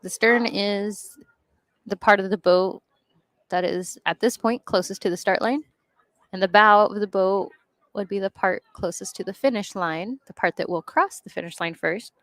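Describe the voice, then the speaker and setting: Female color commentator, chatty and explanatory, mid-pitched voice, dry studio-close sound. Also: normal speed, no echo. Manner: chatty, explains rowing terms, laughs easily. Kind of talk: rowing race commentary.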